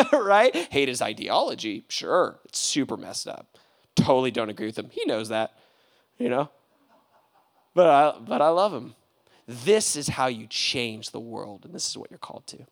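A young man, a pastor, preaching a sermon with stories and prayer, animated and laughing often, with loud outbursts when he acts out quotes. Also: medium pitch, normal speed, gravelly.

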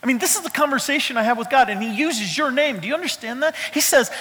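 A man's voice: extremely high pitch, lively intonation, fast talker, few pauses, sharp tone, slightly rough. A middle-aged man, a pastor, preaching a sermon in an emphatic, conversational way with touches of humor, in a church. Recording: reverberant hall sound.

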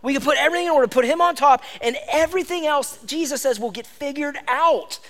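A man's voice: very high-pitched, fast, bright, forceful tone. A man preaching a sermon as pastor, emphatic and exhorting, repeating lines for stress. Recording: long hall reverb.

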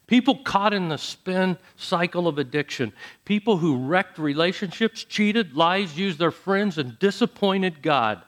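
A man preaching a sermon, dramatic, dropping to soft low phrases and then rising to loud emphatic ones. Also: expressive, unhurried. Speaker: pastor.

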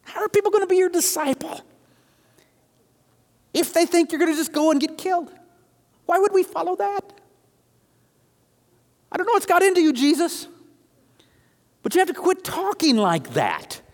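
Frantic young disciple, high fast pleading, as a preacher puts him on, echoey hall. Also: male voice, wildly swooping pitch, heavily acted. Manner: urgent, hushed then pleading and rapid. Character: panicky young male disciple pleading with his leader.

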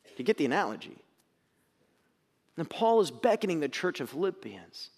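A male pastor preaching a sermon in a conversational, animated way, swinging between loud emphasis and quiet asides in a church sanctuary. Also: fairly high pitch, normal speed, breathy edge. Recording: long hall reverb.

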